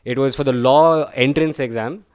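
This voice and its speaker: Chatty young comedian, smooth and dry. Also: male voice, medium pitch, normal speed, dry recording. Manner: chatty, self-deprecating, tags lines with "right?" and "guys". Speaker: stand-up comedian. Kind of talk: stand-up comedy set.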